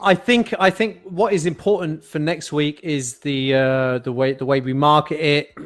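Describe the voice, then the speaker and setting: A man's voice: on the high side, steady tone, moderate pace. A man co-hosting a podcast, teasing dryly and stumbling over his words in casual banter. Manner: dry, stammering, teasing. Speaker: podcast co-host.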